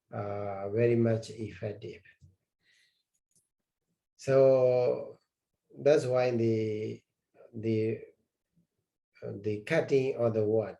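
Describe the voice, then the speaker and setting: A Buddhist monk lectures on scripture at a very slow pace. His voice is mellow and dark, and he halts often, circling back with fillers and repeated phrases as he explains. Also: on the low side, poor audio.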